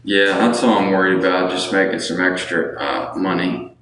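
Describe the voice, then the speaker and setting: Deep, steady, and fairly bright in tone, this man speaks at a moderate pace on a livestream from an echoey room with faint background noise. Talking casually and rambling, he responds to viewers, asks them for money, and frequently tacks on "you know what I'm saying".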